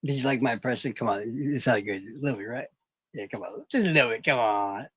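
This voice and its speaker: A man's voice: medium pitch, fast talker, fairly bright tone, husky, no room sound. A man hosting a casual livestream chat, rambling and swearing freely, and mocking himself as he talks to his viewers. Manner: rambling, profane, self-mocking. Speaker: livestream host.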